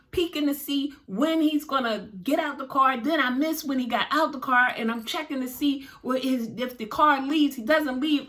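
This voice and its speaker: Bright, animated woman telling a story. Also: high voice. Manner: animated, dramatic retelling with quoted dialogue. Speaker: storyteller vlogger. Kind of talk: casual storytelling to viewers.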